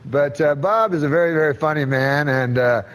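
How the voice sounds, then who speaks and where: A man telling an anecdote as a talk show guest, halting with many uhs and slipping into voices for the people in his story. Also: a little high, a bit bright. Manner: halting, full of uhs, slips into character voices.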